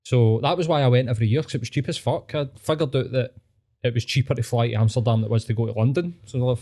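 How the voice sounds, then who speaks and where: A man's voice: medium pitch, fast, a little mellow. A man with a Scottish accent, hosting a podcast and telling rambling, sweary stories in casual chat. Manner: sweary, rambling storyteller who laughs often. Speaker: podcast host.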